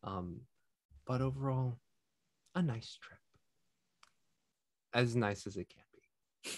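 A man running a tabletop game, narrating the scene in a relaxed, unhurried way. His voice sits at an ordinary middle pitch, and he often stops to search for words. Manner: relaxed, rambling, with fillers. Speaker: game master.

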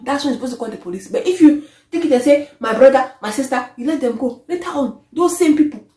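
A woman, vlogging an animated, exasperated rant to camera that often trails off. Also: high-pitched. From Africa. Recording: echoey room.

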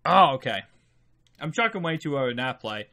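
A drowsy man talks his way through a video game match, rambling loosely and often trailing off mid-thought. Every so often he breaks into a quick excited outburst at a play. His voice sits at an ordinary middle pitch. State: sleepy, just woke up. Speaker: video game channel host. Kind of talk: casual gameplay commentary.

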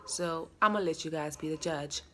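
A woman's voice: sits low, normal speed, slight background noise. A young South African woman vlogging casually from home, playful and chatty, slipping Zulu words into her English. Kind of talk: casual selfie vlog. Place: at home, in bed.

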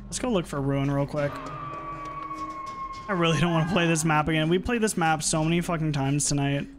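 Young man, game streamer, casual chat, frequent swearing, slightly high voice, faint background music. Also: brisk. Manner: chatty, swears often, reacts loudly in frustration. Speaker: streamer playing a horror game.

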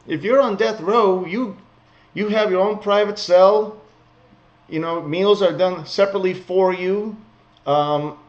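A man giving casual, sarcastic commentary on news stories from home. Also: high-pitched. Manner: sarcastic, blunt, chuckles often. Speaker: vlogger reading news. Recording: slightly muffled lo-fi home recording.

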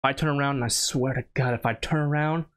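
A man playing a horror game and commenting as he goes, talking to himself and jumping to high squeals when scared. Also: fairly even intonation, fast talker, a bit bright. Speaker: gaming YouTuber.

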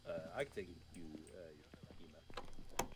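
A man's voice: low-pitched, lively intonation, normal speed. A man chatting loosely and jokily with friends while playing a game, swearing often. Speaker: gamer. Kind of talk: casual chat while playing. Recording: distant mic, loud background noise.

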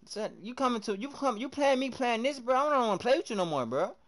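A young man with a very high voice talks quickly while livestreaming a basketball video game. He chats with viewers and reacts loudly to each play, trash-talking his opponents with lots of animation.

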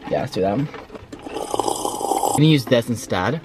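A man, rambling excitedly and swearing freely as he reviews fast food from his car. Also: medium pitch, heavy background noise. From Sweden. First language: Swedish. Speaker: food vlogger. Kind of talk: casual food review vlog. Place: in a car while driving.

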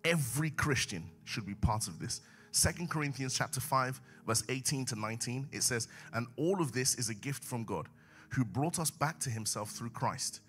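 A man preaching a sermon in a church, swinging from low asides to raised exhortation. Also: expressive, normal speed, fairly bright tone, faint music behind.

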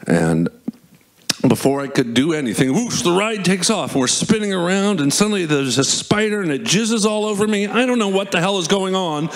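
A man telling a rambling, self-deprecating comic story on a theatre stage, swearing casually, his pitch climbing high when the story gets exciting. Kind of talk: live comedic storytelling on stage.

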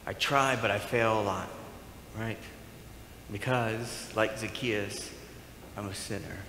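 Man, pastor, sermon, animated, acts out dialogue, long church reverb, faint ambience. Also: fairly low pitch, slow pace, gravelly, a little hiss or hum. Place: church sanctuary. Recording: echoey hall with faint room ambience.

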